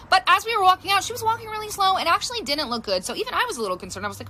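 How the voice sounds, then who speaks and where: A woman's voice: a little high, big pitch swings, racing, hardly any pauses, sharp tone. A woman in her thirties, a mother, animatedly telling a casual storytime, laughing as she acts out the quotes.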